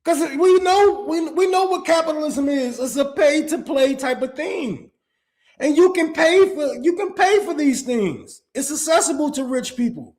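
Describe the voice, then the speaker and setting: A high-pitched young man rants in a heated, profane monologue. He jumps from near-shouted outbursts down to low, muttered asides. He stumbles and restarts his sentences as he works himself up. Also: expressive, moderate pace. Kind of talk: ranting monologue.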